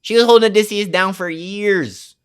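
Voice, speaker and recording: A man's voice: sits high, normal speed, clear, resonant tone. A young man giving a casual, slang-heavy and profane movie recap, rambling with lots of fillers. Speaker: movie reviewer.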